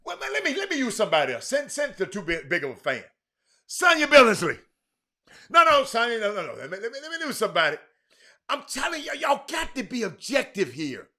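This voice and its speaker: A man hosting a sports talk stream with a Houston accent, loudly calling out viewers by name, repeating himself and talking over the chat. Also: very high-pitched, huge pitch swings, a little fast. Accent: Southern US, Houston. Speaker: sports talk show host. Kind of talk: animated live-stream sports talk, reading viewer comments.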